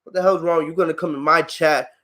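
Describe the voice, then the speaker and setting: A man's voice: on the high side, fairly even intonation, fast, bright, forceful tone. A man hosting a live-stream wrestling review, ranting in an exasperated, heated way at viewers in his chat, swearing freely and laughing at them. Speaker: wrestling channel host.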